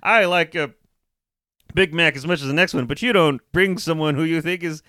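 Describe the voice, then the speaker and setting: A man's voice: fairly high pitch, moderate pace, pushed and bright, no room sound, studio quality. A man co-hosting a casual movie podcast, joking wryly and swearing casually. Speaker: podcast co-host.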